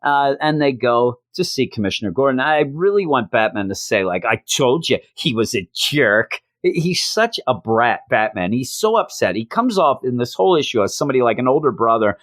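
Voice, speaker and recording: A man reviewing an old comic book, retelling the plot in a casual, animated way and briefly acting out the characters' lines. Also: medium pitch, brisk, hardly any pauses, no room sound.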